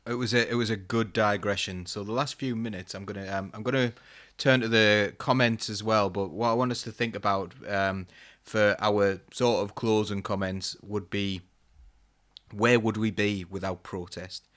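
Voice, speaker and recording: A man hosting a live-streamed panel in a low, smooth voice. He stays chatty and relaxed as he reads out viewer comments. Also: moderate pace. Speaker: host.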